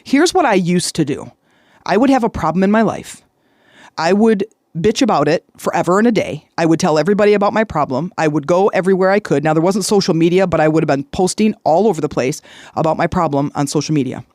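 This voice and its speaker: A woman's voice: lowish voice, animated, fast talker, darkish tone, no room sound, studio quality. A woman hosting a solo podcast, telling a story in a chatty way and checking in with the listener as she goes. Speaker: podcast host.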